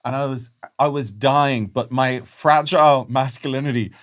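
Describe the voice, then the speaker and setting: A man's voice: medium pitch, normal speed, fairly bright tone. Thirties male podcast co-host, self-deprecating, chatty, laughs easily. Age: 30s. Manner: self-mocking storyteller, laughs often. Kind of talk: casual comedic chat.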